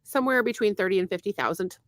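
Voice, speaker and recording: A woman's voice: medium pitch, fast, no echo. A woman co-hosting a casual podcast, laughing often and swearing freely while she reads out viewer comments. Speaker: podcast co-host.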